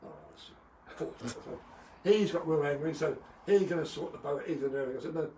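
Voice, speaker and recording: His voice is on the high side and warm, and he races through his words. The former motocross champion rambles through casual stories on a live video call, laughing and filling pauses, captured by a distant mic in an echoey room with faint noise.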